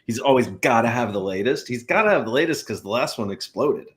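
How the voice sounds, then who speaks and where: A man's voice: mid-range voice, expressive, a little fast, a crowd in the background. A man hosting a podcast in casual chat, joking, laughing often and drifting into rambling asides. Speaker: podcast host.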